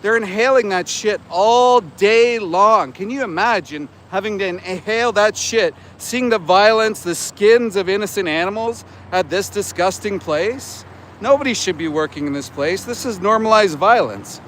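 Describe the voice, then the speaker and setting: A man's voice: sits high, normal speed, fairly bright tone. A man in his forties livestreaming from a city sidewalk, talking indignantly and repeating himself when challenged. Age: 40s. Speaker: vegan activist livestreamer. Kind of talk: live street vlog. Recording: faint street noise outdoors. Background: street traffic.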